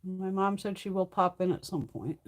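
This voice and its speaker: A woman's voice: medium pitch, steady tone, normal speed. A middle-aged woman hosting a beauty livestream, chatting casually and bluntly, swearing freely and answering viewers by name.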